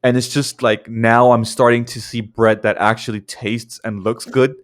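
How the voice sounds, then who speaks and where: A man's voice: mid-range voice, flat delivery. A young man co-hosting a podcast in casual chat, teasing his partner and talking with enthusiasm. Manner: teasing, enthusiastic, quick talk. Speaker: podcast co-host.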